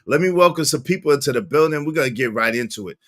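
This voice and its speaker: A man hosting a casual livestream, greeting viewers by name, with sudden jumps into squeaky high tones. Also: expressive, fast, a bit bright. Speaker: livestream host.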